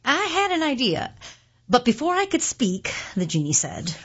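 A woman's voice: on the high side, normal speed, breathy edge, lo-fi sound. Woman reading a story aloud expressively. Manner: expressive first-person narration. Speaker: volunteer reader.

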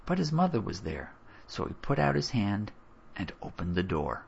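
A man narrates a story, his low voice gravelly and slightly husky. His telling rises and falls with lively expression. The recording is dull and lo-fi. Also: moderate pace, slight background noise. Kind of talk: audiobook narration.

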